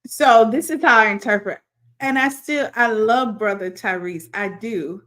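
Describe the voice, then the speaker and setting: A woman co-hosting a casual chat podcast, joking and firing off quick bursts of commentary. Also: fairly high pitch, a bit bright. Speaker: podcast co-host.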